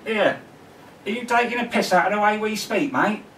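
A man's voice: high voice, animated, moderate pace, a bit bright, reverberant, distant mic, a little hiss or hum, voice pushed up, poor audio. A man putting on a cheeky London lad. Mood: mock-indignant. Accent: put-on London. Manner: jokey, teasing impression. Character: cheeky mock Londoner lad saying "mate".

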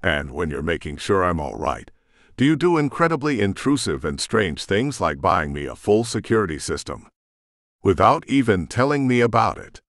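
A man narrating an audiobook and voicing an angry, defensive young woman with a sharp, accusing manner. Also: low-pitched, big pitch swings, moderate pace, dry recording, studio quality, heavily acted. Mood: indignant. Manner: indignant, accusing.

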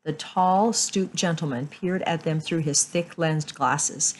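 A woman storyteller reading a book aloud in a slow, measured way. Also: deep voice, poor audio.

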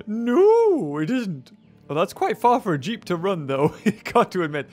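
Faint music plays behind a young gaming-channel host as he talks through his gameplay at an unhurried pace. His high voice bounces and swoops while he chatters to himself in casual, excitable commentary.

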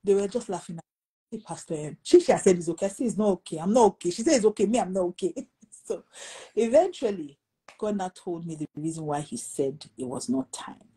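A middle-aged woman pastor, telling a testimony in conversation and acting out the dialogue with lively jumps in pitch. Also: brisk, slightly rough, low-quality recording. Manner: animated, acts out quoted dialogue with pitch jumps. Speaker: pastor and guest.

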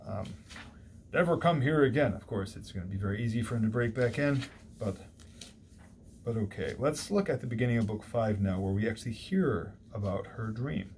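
This lecturer's voice sits on the low side, a little fast and somewhat mellow, as he talks through a classic poem. The university lecture is recorded on a single mic with faint background noise, and his delivery is chatty and wandering, with small restarts as he thinks aloud.

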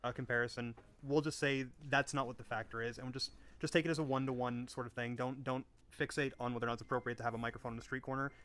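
A man's voice: medium pitch, steady tone, fast talker, hardly any pauses, a bit bright. A man in an online debate who tries to mediate, hedging carefully as he rephrases a question.

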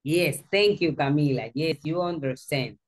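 A woman's voice: low voice, normal speed, darkish tone. A woman with a Spanish accent, English as a second language, teaching an English class in a classroom and patiently repeating and correcting her pupils.

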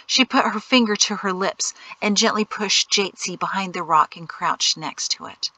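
Bright-voiced woman narrating an audiobook. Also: medium pitch, dry recording. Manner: measured storytelling, softening to hushed whispers. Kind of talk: scripted narration.

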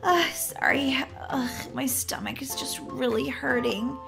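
A woman's voice: high-pitched, moderate pace, music in the background, lightly acted. Woman playing a sick, groaning young wife. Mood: groggy.

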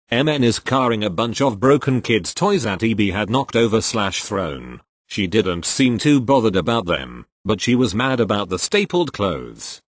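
A man reading online posts aloud as storytelling, in a wry, expressive manner. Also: on the low side, no echo.

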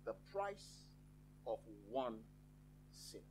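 A man preaching a sermon in a church, with slow, emphatic phrasing and dramatic pauses. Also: medium pitch, animated, a little hiss or hum, poor audio.

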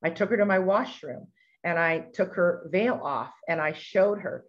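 Middle-aged woman sharing a faith story, kinda low voice, lively storytelling, dull lo-fi sound. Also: moderate pace. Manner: animated storytelling, acts out quoted voices. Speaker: ministry speaker sharing testimony. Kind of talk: storytelling testimony. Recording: dull lo-fi recording.

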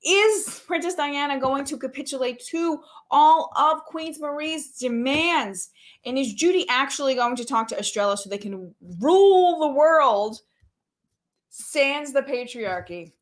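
A woman hosts an improvised comedy show and chats directly with her audience. Her delivery is upbeat and friendly, pitched a little higher than average. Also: animated, measured pace. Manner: upbeat, chatty sign-off.

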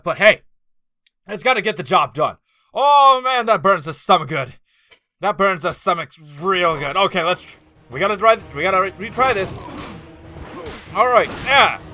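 An excitable man chatting through his gameplay in a high, bright voice. He jumps between pitches constantly, yelping and groaning as the game goes on. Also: dry recording. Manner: loud, excitable, exclaiming and groaning as he plays. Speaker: gaming video host. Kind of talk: casual gameplay commentary.

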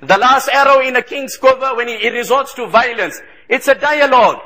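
Male preacher, very high voice with a bright, forceful edge, emphatic and repetitive delivery. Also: brisk. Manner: emphatic, repeats phrases for stress. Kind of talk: impassioned sermon.

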